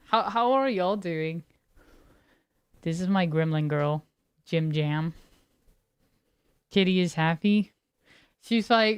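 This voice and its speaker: A woman's voice: on the low side, slow, long pauses, clean tone, dry recording. A woman streamer chatting casually with her live viewers, laid-back and giggly, greeting people by name. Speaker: game streamer.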